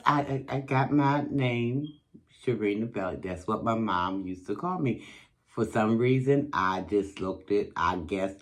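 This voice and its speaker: A woman's voice: a bass voice, a bit bright. A woman hosting her own channel, telling a personal story in a casual, chatty way and speaking directly to her viewers.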